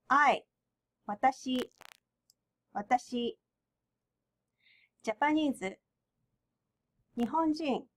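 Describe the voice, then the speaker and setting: A woman with a Japanese accent, a native Japanese speaker, teaching a beginner language lesson and repeating each word slowly and carefully. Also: fairly high pitch, rough recording. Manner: slow and careful, repeating words for the learner.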